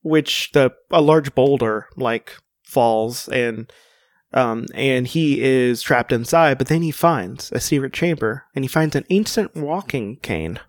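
A man's voice: mid-range voice, expressive, slow, no echo. Rambling man, dry close sound. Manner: rambling, many fillers and restarts. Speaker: podcast co-host. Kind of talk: casual comic-book chat.

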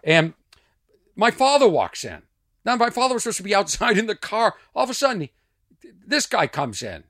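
Male podcast host from Boston, animated storyteller with a lilting, up-and-down delivery in a dead-dry room. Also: sits high, moderate pace, pauses often, no echo. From Boston, USA. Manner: rambling, animated storyteller with asides and restarts. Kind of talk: casual monologue podcast.

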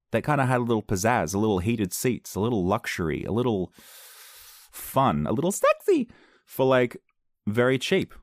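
A man's voice: mid-range voice, no room sound, studio quality. A man chatting casually to his viewers, rambling through a story, repeating words and laughing easily. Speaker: vlogger.

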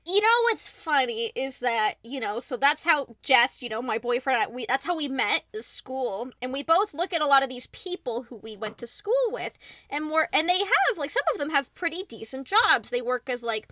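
Woman, high bright voice, animated casual chat, dry close mic. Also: normal speed, no room sound. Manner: laughs often, animated, swears.

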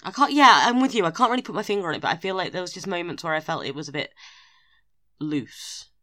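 A woman co-hosting a casual podcast chat, animated and quick to laugh, often trailing off mid-sentence. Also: on the low side, dry recording, studio quality. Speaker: podcast co-host.

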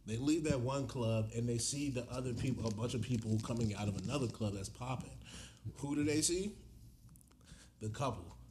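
A man's voice: mid-range voice, moderate pace, noisy background. A man co-hosting a casual chat, telling a long story with speech and acting out the people in it. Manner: animated, acts out voices of people in the story. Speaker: podcast co-host telling a story.

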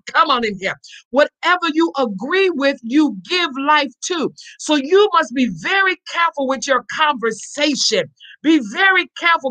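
A woman preaching a fervent sermon, calling out to her congregation for response and rising into shouts. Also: sits high, rough recording. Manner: call-and-response exhortation to congregation.

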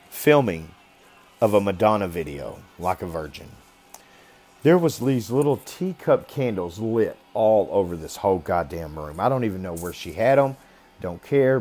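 A man's voice: on the low side, a little mellow. A man casually telling a personal story in a blunt, rambling way, swearing constantly. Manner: talks about being raised rough.

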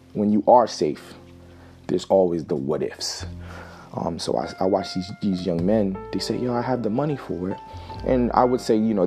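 A man in his thirties, hosting and telling a personal story in a reflective, halting way with frequent restarts. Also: low-pitched, warm tone. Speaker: host.

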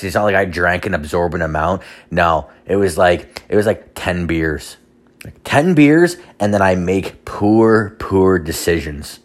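A low-voiced man in his 30s hosts a casual solo podcast, rambling through stories. He swears a lot and is self-deprecating.

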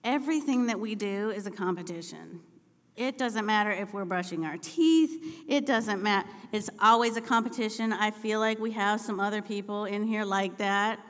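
A woman's voice: medium pitch, moderate pace. Woman preaching in an echoing hall. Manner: storytelling, rising to impassioned shouting. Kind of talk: sermon. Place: church sanctuary.

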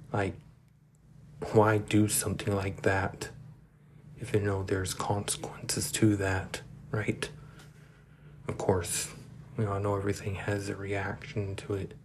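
Low, flat-voiced man rambling through a solo podcast, halting, slipping into whispers, faint hiss behind. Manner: halting, self-correcting, drifts into whispers. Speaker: podcast host.

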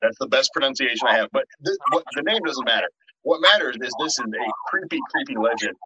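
A middle-aged man co-hosting a horror podcast in casual chat, animated, tripping over restarts and swearing freely. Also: medium pitch, fast talker, breathy edge, dry recording. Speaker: podcast co-host. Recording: dull, lo-fi and dry.

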